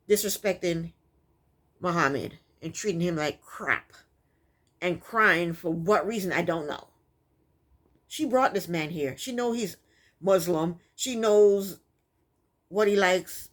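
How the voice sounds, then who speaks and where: A woman giving a casual, opinionated recap of a reality TV episode, sassy and exasperated. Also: fairly low pitch. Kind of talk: casual commentary.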